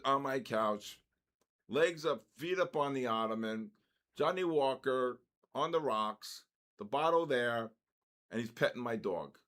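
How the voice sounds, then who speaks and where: A man's voice: mid-range voice, fairly bright tone. A man in his early sixties hosting a live trading stream, chatting loosely with viewers and jumping between stories and market calls. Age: 60s. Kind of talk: casual live-stream chat.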